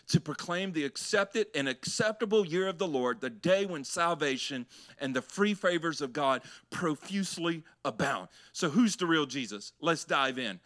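A man's voice: on the high side, fairly bright tone. A man, a pastor preaching a sermon to his church, shifting between conversational asides and raised, emphatic delivery.

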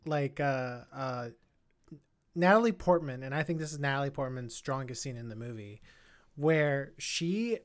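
A woman co-hosting a podcast, talking through a film in a loose, rambling way with many restarts. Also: very deep voice. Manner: rambling, frequent restarts, animated swings in loudness. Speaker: podcast co-host. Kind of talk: casual film discussion chat.

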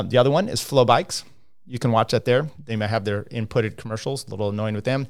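A man's voice: mid-range voice, clear, resonant tone. A man hosting a casual cycling livestream, rambling with lots of fillers and restarts as he talks through standings and viewer comments.

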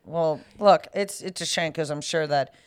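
A woman's voice: low-pitched, moderate pace, clean tone. A woman co-hosting a casual chat about news, playful and jokey, laughing often and swearing casually. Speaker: co-host.

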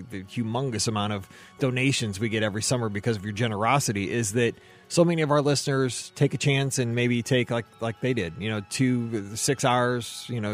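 A man with a Midwestern accent hosting a podcast, talking enthusiastically with plenty of restarts and reading listener emails aloud. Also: medium pitch. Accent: Midwestern American. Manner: enthusiastic, many fillers and restarts. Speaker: podcast host.

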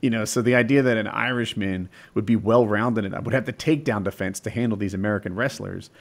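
A man in casual chat, telling fight stories in an animated, excitable way. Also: on the low side, quick pace, vocal fry.

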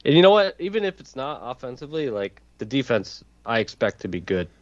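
A man's voice: mid-range voice, very animated, a little fast, dull audio, a crowd in the background. A man co-hosting a sports podcast, laid-back and casually swearing. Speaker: podcast co-host.

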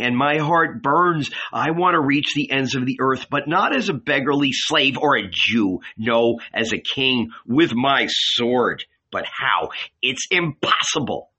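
Male narrator doing a bitter restless young guy, intense, slow brooding talk. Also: medium pitch, pushed and bright, husky, highs cut off, exaggerated voice.

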